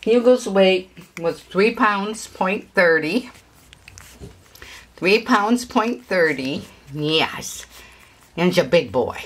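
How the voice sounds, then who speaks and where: A woman's voice: medium pitch, animated, slow, long pauses. A woman dog breeder chatting casually in a home video, rambling and cooing at puppies.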